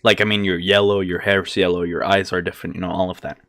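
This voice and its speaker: A man's voice: deep voice, flat delivery, quick pace, creaky, fairly bright tone, no echo. A man casually retelling a story as host, rambling with lots of fillers and frequent laughs. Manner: rambling, many fillers like "like" and "you know"; laughs often between lines.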